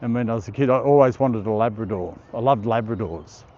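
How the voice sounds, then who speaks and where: A middle-aged Australian man hosts a casual live stream outdoors in a park, reading viewer comments aloud and laughing often. His mid-range voice is brisk with a darkish tone, and the sound is lo-fi.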